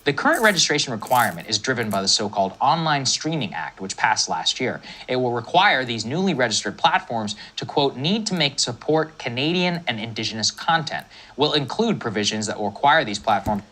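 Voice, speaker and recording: A commentator reading scripted political news in a crisp, polished manner. The voice is bright and tense, with a lively, swinging pitch. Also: fairly quick, hardly any pauses.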